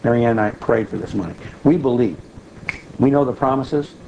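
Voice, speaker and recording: A man delivers a sermon in a conversational teaching manner, often pausing to check in with his listeners. His voice sits in a middle pitch with a warm, mellow tone. A faint background noise runs underneath. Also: expressive, lo-fi sound. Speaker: preacher.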